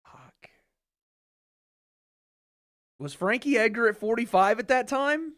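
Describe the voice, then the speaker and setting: A man from Tennessee hosting a fight watch party stream, answering viewer questions in slangy, casual talk and cheering loudly when the action heats up. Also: very high voice, normal speed. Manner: laid-back and slangy, swearing, gets loud cheering the fight. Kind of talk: casual livestream chat, reading viewer questions.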